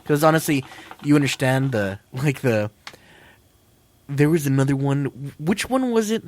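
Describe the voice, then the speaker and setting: A man co-hosting a casual podcast chat, rambling and excitable, crude and quick to laugh. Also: mid-range voice, slight background noise. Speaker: podcast co-host.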